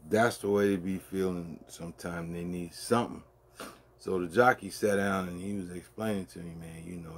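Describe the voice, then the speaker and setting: A deep-voiced man with a husky, grainy tone tells a rambling story in an easy, conversational way. He keeps checking in with the listener and circles back on his words as he goes. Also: fairly even intonation. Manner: loose and conversational, peppered with "man" and "you dig"; drawn-out, trailing delivery with many restarts. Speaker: show host. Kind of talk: casual storytelling monologue.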